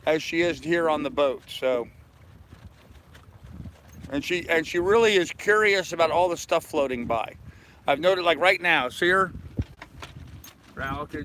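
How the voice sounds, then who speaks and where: An older man with a bright, forceful voice rambles in a folksy, easygoing way, live-streaming from his sailboat deck. His voice sits a little high for a man. Faint outdoor noise drifts behind him. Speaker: sailing vlogger. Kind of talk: casual live-stream chat.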